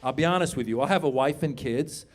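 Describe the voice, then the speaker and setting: Talking fast in a mid-range voice, a fifties comedian performs stand-up at a club. He banters with the audience and breaks into loud put-on voices.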